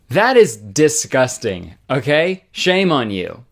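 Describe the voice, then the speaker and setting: Young man, comedy commentary, lively pitch, sarcastic rant, faint music. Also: takes it slowly. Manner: exasperated ranting with swearing and sarcasm.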